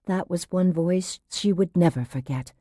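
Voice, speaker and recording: A woman reading a thriller audiobook aloud in a tense, steady narration. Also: on the low side, moderate pace, no room sound, studio quality. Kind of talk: scripted narration.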